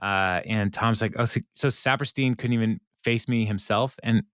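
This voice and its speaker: A man's voice: on the low side, moderate pace, a bit bright, clear, resonant tone, no room sound, studio quality. A man co-hosting a podcast, casually recapping a TV episode with lots of fillers and frequent laughter. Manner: rambling, filler-heavy, laughs often. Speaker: podcast co-host.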